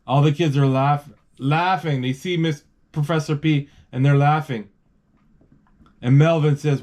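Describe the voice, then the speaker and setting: A man's voice: medium pitch, unhurried, darkish tone. A man narrating a cartoon film live in a casual, rambling way, restarting words and reading out characters' lines. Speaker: movie describer.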